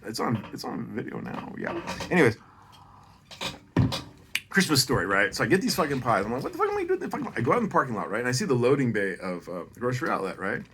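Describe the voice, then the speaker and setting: A man's voice: mid-range voice, very animated, fast, background noise. A middle-aged man telling a holiday story in a rambling, profane, self-deprecating way, often drifting off on tangents.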